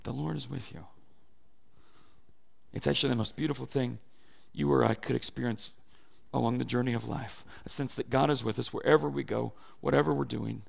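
A man preaching a sermon as pastor, animated, moving between loud and soft. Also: medium pitch, fairly quick, creaky, few pauses.

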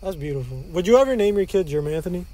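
A man's voice: sits high, animated, quick pace, dark tone. A young man co-hosting a podcast in casual chat, laid-back and slangy, saying bro a lot. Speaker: podcast co-host.

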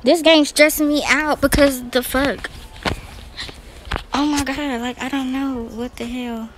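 A woman giving live commentary on a horror game, excitable and cursing, yelling when frightened. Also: high voice, unhurried, noisy background. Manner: talks to herself and the viewers. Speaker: gaming video host. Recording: clear music playing behind.

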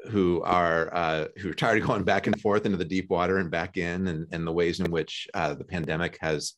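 A man, a professor co-hosting a podcast over a video call, discussing a Bible passage in a lively, wry way. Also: low-pitched, a little fast, slight background noise. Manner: lively and wry, acting out voices in his retelling. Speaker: seminary professor, podcast co-host. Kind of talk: casual discussion of scripture.

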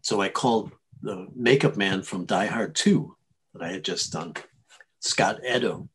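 A male actor telling stories in a casual interview, animated and chuckling, often restarting his sentences. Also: fairly low pitch, measured pace, a little hiss or hum. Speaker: actor guest.

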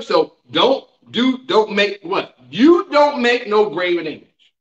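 Slow and high-pitched, with big swings in pitch, the pastor leads his Bible class in a church sanctuary. His preaching is emphatic, full of call-and-response and rhetorical questions to the congregation. The recording is roomy and dull from a distant microphone.

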